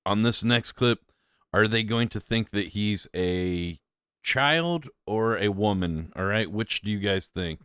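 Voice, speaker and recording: A laid-back man chatting over clips in a loose, rambling way, often poking fun at himself. His voice sits a little low. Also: animated, measured pace, fairly bright tone, clean tone, no room sound, clean studio sound. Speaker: streamer reacting to clips. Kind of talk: casual reaction commentary.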